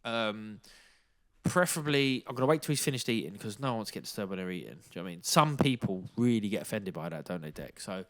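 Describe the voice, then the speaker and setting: A man, telling a lively, sweary story in casual podcast chat and acting out the lines of people he met. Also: on the low side, quick pace. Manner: animated anecdote-telling, swears freely, acts out quotes. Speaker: podcast co-host, former boxer.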